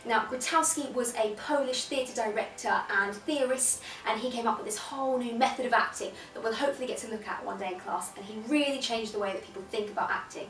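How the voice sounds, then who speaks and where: A young woman with a British accent, a drama teacher leading a class warm-up in an upbeat, instructive way with playful vocal sounds. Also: fairly high pitch, a little fast, hardly any pauses, recorded from a distance, a little hiss or hum. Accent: British English. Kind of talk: guided warm-up lesson. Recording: echoey room, voice from off-mic.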